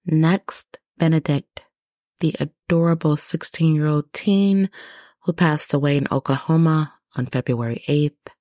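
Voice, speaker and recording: A woman hosting a podcast at home, talking quietly and low so she won't wake her household. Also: measured pace, no echo, studio quality. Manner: quiet and low, speaking softly. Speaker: podcast host. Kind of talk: podcast monologue. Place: home, early morning.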